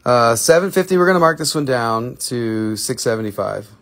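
Gravelly-voiced man hosting a live sale. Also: mid-range voice, expressive, normal speed, a bit bright. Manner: enthusiastic, rambling, swears casually. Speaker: host selling rocks and minerals on a live stream. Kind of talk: casual live sales chat.

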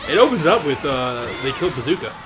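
A man co-hosting a let's play, telling stories in a rambling, animated way full of "like". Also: fairly high pitch, fairly quick. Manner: rambling, animated storytelling, lots of "like". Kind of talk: casual chat over gameplay. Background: game music.

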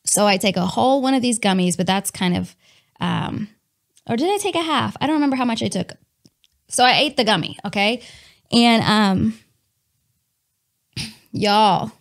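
A woman telling a personal testimony in a candid, animated way, talking to her listeners as y'all and laughing between lines. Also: fairly high pitch. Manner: chatty with many fillers and laughs.

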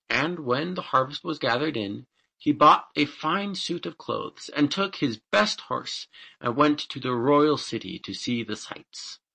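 A man narrating a fairy tale audiobook in an unhurried, expressive reading. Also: mid-range voice, vocal fry. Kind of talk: scripted storybook narration.

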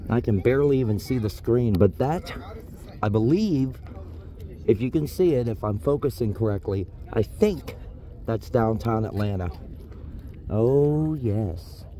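A man's voice: medium pitch, lively intonation, unhurried, mellow. A man vlogging outdoors on a sunny hilltop, chatting casually to viewers with self-deprecating asides, filmed on a handheld camera and phone. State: out of breath from climbing. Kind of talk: casual vlog narration.

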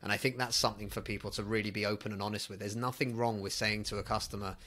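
Male podcast host, somewhat low pitch, bright and forceful delivery, earnest and emphatic. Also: steady tone, quick pace, hardly any pauses. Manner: earnest, emphatic advice-giving. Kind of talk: casual podcast conversation.

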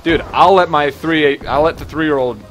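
A young man hosting a gaming channel, chatting casually and trolling other players in deadpan fashion over a headset, swearing and saying "dude" a lot. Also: a little high, normal speed, a little hiss or hum. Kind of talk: casual gameplay commentary with prank banter.

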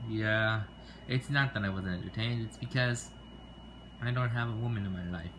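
A man's voice: lowish voice, normal speed, noisy background, pitched below the performer's own voice, lightly acted. A man voicing a mopey young prince who complains to his father, in a homemade toy skit.

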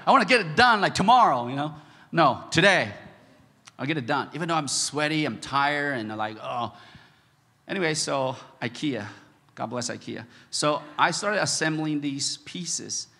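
A man preaching a sermon as a pastor, telling a personal story with laughter, swinging from loud shouts to hushed, quiet moments. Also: a little high, in a large hall. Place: large church hall.

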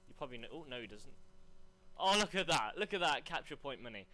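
A young man commentating live on his gameplay, rambling between chat and excited yelps. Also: mid-range voice, fast talker. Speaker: gaming commentator.

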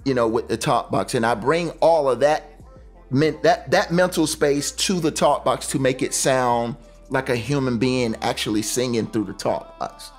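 A man who plays the talk box, a guest explaining it in casual, enthusiastic talk with relaxed slang. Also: medium pitch, normal speed, faint music behind.

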